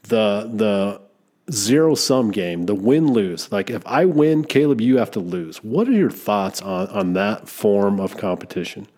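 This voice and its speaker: A man with a somewhat low voice hosts a podcast conversation. He speaks earnestly and reflectively, often backing up to restart a thought mid-sentence. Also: very animated, a little slow, a little mellow. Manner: earnest, reflective, with frequent restarts and verbal fillers. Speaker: podcast host. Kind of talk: casual conversational interview.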